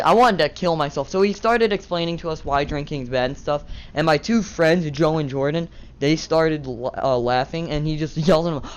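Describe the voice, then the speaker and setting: A man's voice: on the high side, brisk, few pauses. A teenage boy vlogger tells a casual, rambling story, swearing and laughing at himself.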